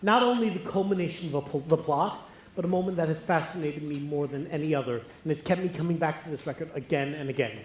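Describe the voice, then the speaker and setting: An actor playing a lonely musical-theatre fan who talks confidingly and rambles wryly in a stage musical. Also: male voice, on the high side, quick pace, lightly acted. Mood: rambling. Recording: echoey hall, faint noise.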